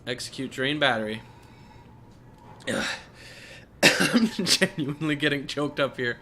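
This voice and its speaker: A young man giving let's play commentary, thinking aloud and getting emotional, sometimes breaking into high exclaims. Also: animated, a little slow, pushed and bright, a little hiss or hum. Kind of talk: gameplay commentary.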